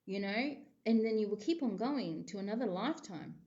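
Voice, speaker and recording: A woman's voice: mid-range voice, lively intonation, normal speed, a little mellow, lo-fi sound. A woman, a psychic giving a casual tarot reading to camera in a rambling, chatty way full of filler phrases.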